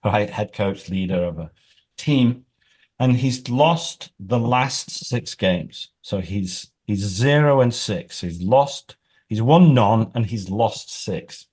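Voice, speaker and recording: A man who works as an executive coach, explaining his points through lively examples and scenarios. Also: on the low side, slow, slightly rough. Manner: animated storyteller.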